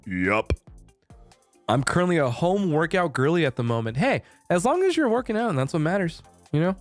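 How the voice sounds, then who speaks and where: A man's voice: fairly high pitch, sing-song, fairly quick, faint music behind. A young man chatting casually on his stream, rambling and playful, swearing freely and laughing often. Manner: frequent laughter and restarts. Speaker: VTuber streamer.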